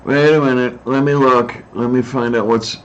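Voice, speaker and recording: A man's voice: medium pitch, fairly even intonation, moderate pace. A man hosting a casual online chat, easygoing and musing aloud as he talks. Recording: slightly dull lo-fi mic.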